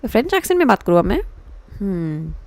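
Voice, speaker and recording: A woman with an Indian accent streaming a horror game live, excitable and switching between Hindi and English. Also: mid-range voice, racing, no room sound.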